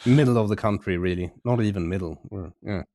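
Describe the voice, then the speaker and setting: A man from Sweden with a Swedish accent, hosting a casual podcast chat with dry, deadpan wit. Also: fairly low pitch, a little fast, dry recording. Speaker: podcast host.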